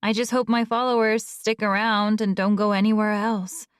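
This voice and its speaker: A woman's voice: medium pitch, flat delivery, moderate pace, clear, resonant tone, dry recording, clean studio sound, lightly acted. A woman voicing a young influencer reading her journal in a wistful, confiding way.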